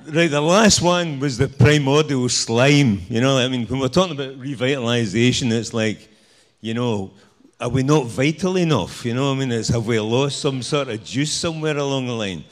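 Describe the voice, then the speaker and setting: A man's voice: medium pitch, moderate pace. A man with a Scottish accent giving a live stage talk with slides, rambling and joking, full of "you know". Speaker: speaker at a presentation night.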